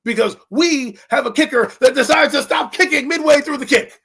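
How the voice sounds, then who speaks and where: A man co-hosting a sports talk show, telling a game story with excitable swings from low muttering to loud outbursts. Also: moderate pace, gravelly, few pauses. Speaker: co-host. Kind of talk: animated sports chat.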